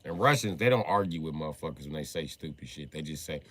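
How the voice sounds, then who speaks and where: A man's voice: very deep voice, expressive, fast talker, a bit bright. Profane American man riffing loosely. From United States. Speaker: livestreamer. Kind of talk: casual comic storytelling.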